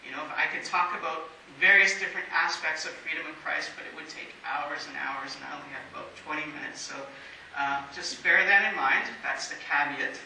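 A man preaches a sermon in a measured way, leaning on emphatic pauses. His voice sits high and sounds piercingly bright. It is recorded from a distance in a church that echoes heavily, with a faint hiss underneath. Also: gravelly. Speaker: pastor. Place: church sanctuary.

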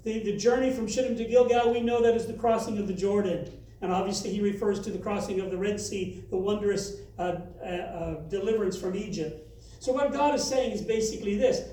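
A man preaching in an echoey church hall with a high, mellow voice. He speaks earnestly and lifts his voice as he reads the passages. The sound is very roomy and caught from away from the mic. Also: a little fast, far from the mic. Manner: earnest preaching, reading scripture aloud with rising emphasis. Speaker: pastor. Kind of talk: sermon.

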